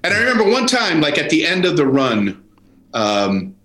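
A man's voice: fairly high pitch, huge pitch swings, normal speed, a bit bright. A man telling a stage story as a guest comedian in a casual conversation, acting out other people in exaggerated voices. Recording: roomy echo.

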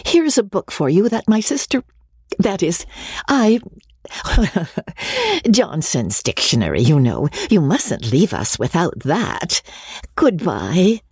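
A woman's voice: lowish voice, big pitch swings, slow pace, a little mellow, slightly rough, dry recording, studio quality, pitched above the performer's own voice, heavily acted. A woman voicing a kind, flustered older schoolmistress who fusses and frets. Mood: fussing. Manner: fussy, flustered, breathless.

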